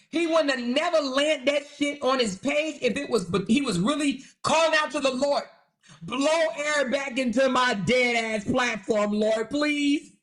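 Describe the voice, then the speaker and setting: A woman hosting a commentary livestream, talking in a blunt, sarcastic, profane way. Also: high-pitched. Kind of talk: casual commentary.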